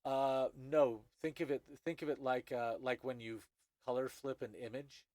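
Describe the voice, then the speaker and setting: A man narrating as game master, halting with many restarts. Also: medium pitch, fairly even intonation, crowd noise.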